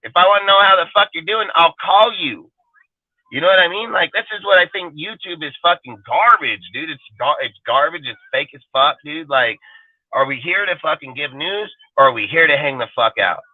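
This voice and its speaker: This fan-show panelist is a man with a highish, expressive voice at normal speed, ranting bluntly and profanely on a live stream. It sounds like a dry phone-quality line with no echo, and he hammers every point home.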